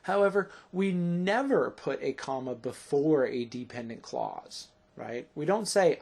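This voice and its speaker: A man's voice: fairly high pitch, very animated, unhurried, vocal fry, few pauses, darkish tone, breathy edge. A man teaching a grammar lesson, explaining patiently and checking in with "right?" after each point.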